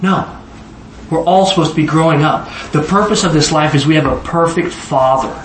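Animated man in his forties preaching. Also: a little high, brisk, a little hiss or hum. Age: 40s. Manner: animated, conversational, asks the audience questions. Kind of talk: sermon. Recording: roomy echo, voice from far off.

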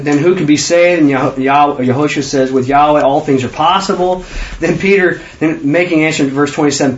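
Lively, high-voiced man preaching. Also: highs cut off. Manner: animated, voices the disciples' questions. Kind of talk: conversational sermon.

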